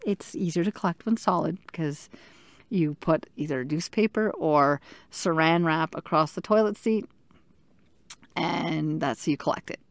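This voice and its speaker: A woman's voice: deep voice, unhurried, dry recording. A woman casually telling a personal story in a candid, chatty way, with self-deprecating humor. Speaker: vlogger sharing her chemotherapy journey.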